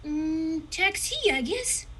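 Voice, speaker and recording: A woman voicing a curious teenage girl in a comedy table read, with a deliberately terrible French accent. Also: extremely high pitch, very animated, fairly bright tone, full character voice. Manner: exaggerated bad French accent.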